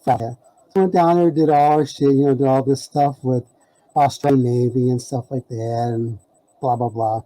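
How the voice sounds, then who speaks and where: The audio is poor and lacks room sound, carrying a man's mid-range, dark, steady voice at normal speed. He's a podcast guest rambling through a casual story, laughing and saying "you know" a lot.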